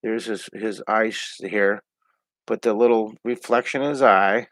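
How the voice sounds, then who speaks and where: A man's voice: on the low side, fairly even intonation, measured pace, a bit bright, no room sound. A middle-aged man hosting a live online drawing lesson from home, chatty and upbeat as he talks through each pencil stroke. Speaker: drawing teacher and host.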